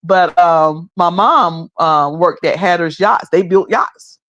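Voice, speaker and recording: A woman's voice: fairly low pitch, takes it slowly, fairly bright tone, lo-fi sound. A middle-aged woman from the Carolinas with a Southern accent, chatting casually on a live stream, teasing and laughing often. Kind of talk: casual chat with live chat readers.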